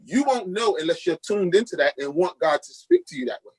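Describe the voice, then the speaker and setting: This middle-aged Queens, New York pastor, a guest on a podcast, shares a personal testimony and vividly acts out the voices of its characters. He has a high voice with a breathy edge and a brisk delivery. The recording is rough.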